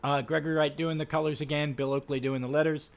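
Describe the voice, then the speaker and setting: A man's voice: fairly high pitch, flat delivery, fast, gravelly. A man hosting a casual comic book podcast, chatty, with frequent ums and restarts. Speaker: podcast host.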